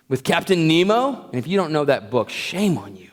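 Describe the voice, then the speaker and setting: A man's voice: fairly high pitch, big pitch swings, normal speed. A man teaching a Bible lesson in a conversational, joking way. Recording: echoey hall.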